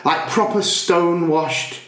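A man's voice: high voice, slow, a bit bright. A man co-hosting a podcast, telling stories animatedly in casual chat and laughing often. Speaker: podcast co-host. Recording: roomy echo.

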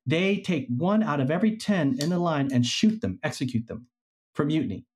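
With a fairly high pitch and a fairly quick delivery, a man on a podcast shares a historical tale casually. He brings it to life by acting out each person he quotes.

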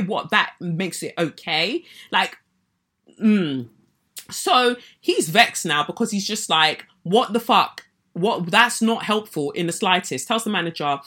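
A woman tells a personal story on her podcast, animated and indignant, slipping into the voices of the people she quotes. Her voice sits a touch low but has a bright, forceful edge. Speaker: podcast host. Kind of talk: personal story told to listeners.

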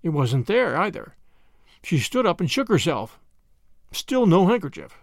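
A man narrating a classic story with an expressive reading. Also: a little high, measured pace, gravelly, no echo, clean studio sound. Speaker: audiobook narrator.

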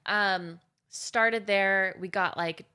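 A woman's voice: mid-range voice, steady tone, drawn-out words, sharp tone, smooth. A young woman co-hosting a podcast, telling a story in casual chat with lots of giggles. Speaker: podcast co-host.

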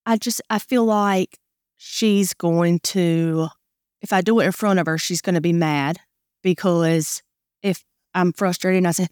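A woman, a mother seeking coaching, speaking hesitantly with halting restarts. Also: on the low side, fairly even intonation, darkish tone, dry recording, clean studio sound. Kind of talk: conversation.

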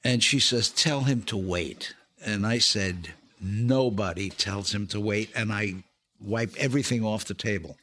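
An older man, an actor and comedian, appears as a podcast guest telling show-business stories casually and laughing through his punchlines. His voice sits on the low side, pushed and bright, at a measured pace.

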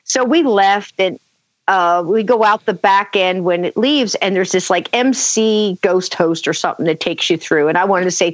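A woman's voice: mid-range voice, moderate pace, dry recording. A middle-aged woman, a guest on a talk show, telling a story with laughter and acting out what she said. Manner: animated, laughs often, acts out her own quotes. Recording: dull dry sound.

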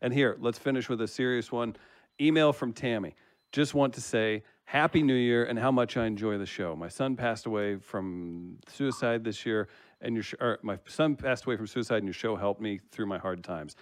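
A man's voice: on the low side, normal speed, no echo, studio quality. A man co-hosting a podcast, reading listener comments aloud in casual banter and laughing often. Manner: laughs often while reading, relaxed joking.

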